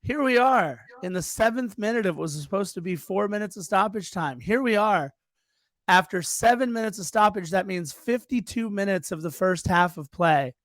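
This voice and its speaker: A man's voice: high voice, moderate pace, no echo, studio quality. A man co-hosting a podcast, eagerly retelling match moments in casual soccer chat. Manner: eager, excitable play-by-play retelling. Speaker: podcast co-host.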